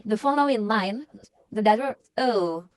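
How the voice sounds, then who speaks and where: A woman teaching beginners the English alphabet, reading out single letters and sounds slowly and carefully. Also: fairly high pitch, animated, dry recording. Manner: slow, deliberate, spelling out single letters. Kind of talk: slow alphabet lesson for beginners.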